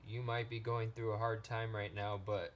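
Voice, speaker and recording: A man giving a pick-a-card tarot reading, talking in a gentle, halting way with many restarts. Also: fairly low pitch, little pitch movement, a little hiss or hum. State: choked up, near tears. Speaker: tarot reader.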